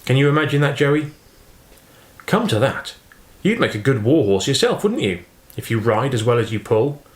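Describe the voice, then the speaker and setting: A man's voice: medium pitch, sing-song, moderate pace, natural voice. A man voicing an eager, affectionate fifteen-year-old farm boy in an audiobook reading. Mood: wistful. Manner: earnest, affectionate, chatty. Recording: roomy echo.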